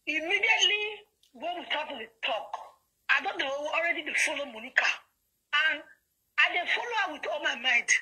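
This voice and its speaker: Nigerian pidgin woman ranting on a call, defiant, high tight voice. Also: fairly quick, sharp tone, poor audio. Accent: Nigerian Pidgin English. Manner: angry, defiant, insistent. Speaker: caller. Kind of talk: heated phone call on a live video.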